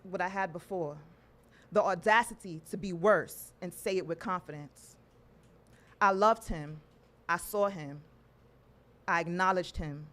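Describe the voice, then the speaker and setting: A woman from New York performing a spoken word poem at an open mic, with measured, rhythmic delivery. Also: fairly low pitch, a bit bright. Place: live poetry venue.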